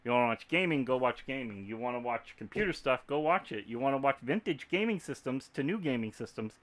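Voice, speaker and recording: A man's voice: medium pitch, lively intonation, fairly quick, a bit bright. A man from Texas with a Texan accent, chatting casually to viewers on a livestream, rambling and laughing easily. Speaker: YouTube creator.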